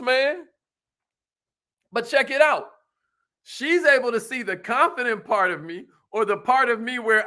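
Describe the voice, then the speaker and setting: A man hosting a motivational talk, energetic and playful, with slangy banter aimed at a live audience. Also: very high voice. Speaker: motivational show host.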